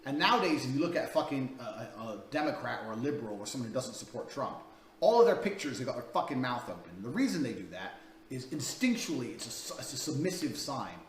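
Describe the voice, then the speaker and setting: A man's voice: medium pitch, very animated, fast talker, slight background noise. A man coaching in a crude, blunt, profane way, talking through a paid dating course. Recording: echoey room, distant mic, faint ambience.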